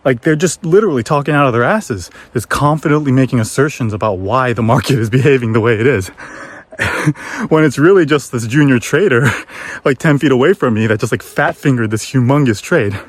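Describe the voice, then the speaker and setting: A man telling a casual, animated story while hiking outdoors on a forest trail, filmed on a handheld camera, acting out quoted voices as he goes. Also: brisk, no room sound. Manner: animated, acts out quoted voices in high pitch. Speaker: former trader telling a story.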